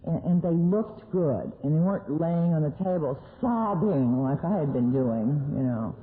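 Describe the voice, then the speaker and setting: A woman's voice: sits low, lively intonation, measured pace. A middle-aged woman speaking at a recovery meeting, telling her own story with candid, self-mocking humor. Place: meeting hall. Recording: tinny lo-fi 1982 tape recording.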